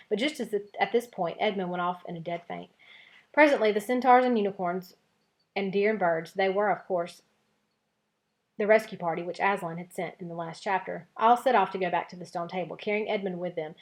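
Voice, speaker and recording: A woman's voice: medium pitch, brisk. Woman teacher reading a storybook aloud. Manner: expressive storytelling narration. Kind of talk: reading a novel aloud to a class.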